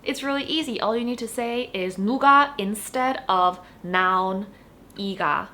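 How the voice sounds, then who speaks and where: A woman giving a casual online Korean lesson, chatting in English and saying each Korean example slowly and clearly, then repeating it. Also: mid-range voice, sharp tone. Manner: chatty, explains with "like" and "you know". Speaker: Korean language teacher.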